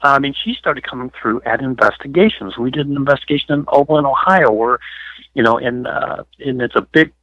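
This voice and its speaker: A man's voice: medium pitch, a little fast, sharp tone, no echo. Rambling middle-aged man on a dull phone line. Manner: rambling, many fillers, emotional. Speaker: paranormal investigator guest. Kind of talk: phone interview storytelling.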